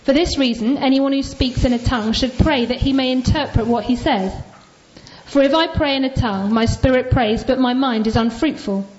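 A woman reading a long Bible passage aloud to a church, in a steady and measured way. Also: high voice. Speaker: scripture reader. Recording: dull lo-fi church recording.

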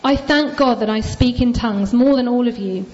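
A woman reads scripture aloud at an even, measured pace, her voice on the higher side. The sound is dull and lo-fi, as if taken from a church recording. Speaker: scripture reader.

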